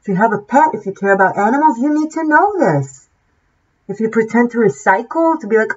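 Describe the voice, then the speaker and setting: A woman's voice: fairly high pitch, very animated, moderate pace, husky. Heated, preachy woman with dull sound. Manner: heated, preachy, swears freely, frequent restarts. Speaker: tarot reader. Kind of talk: impassioned monologue to camera.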